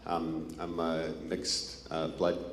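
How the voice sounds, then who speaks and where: A man from north central British Columbia introducing himself on a panel, unhurried, with many fillers. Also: a bass voice, completely flat delivery. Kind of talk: formal self-introduction. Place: conference hall. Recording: echoey hall, faint room noise.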